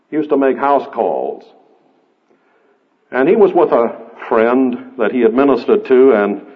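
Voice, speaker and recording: A man preaching a sermon, emphatic and building through repeated phrases. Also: medium pitch. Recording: tinny radio broadcast, phone-like band.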